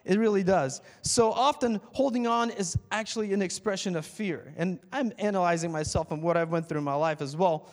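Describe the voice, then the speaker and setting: A pastor preaching a casual, conversational sermon, full of fillers and rising to emphatic calls to the congregation. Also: male voice, high voice, brisk, hardly any pauses, in a large hall.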